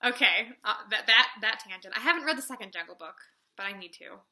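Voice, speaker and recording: A woman's voice: fairly high pitch, expressive, quick pace, bright, forceful tone, a little hiss or hum. A young woman gushing in a chatty book review vlog, rambling through tangents with lots of "like".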